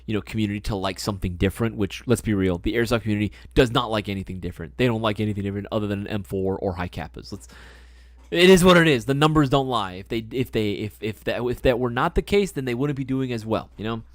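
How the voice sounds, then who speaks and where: A young man with a fairly low voice talks fast while hosting a live stream, answering chat questions in a laid-back, slangy style. He swears now and then and repeats his phrases. The studio sound is clean, with no echo.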